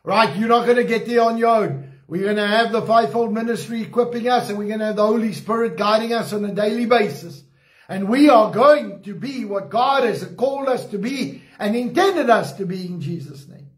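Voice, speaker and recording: South African pastor, Eastern Cape accent, emphatic sermon delivery, echoey room. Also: male voice, high voice. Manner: emphatic, slows and stresses key phrases. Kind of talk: sermon with communion.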